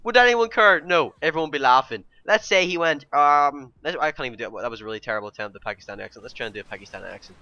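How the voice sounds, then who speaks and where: A young man ranting to his viewers in a vlog, exasperated and breaking into loud outbursts. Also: mid-range voice, lively intonation, rapid-fire, hardly any pauses, dull audio. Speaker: YouTuber.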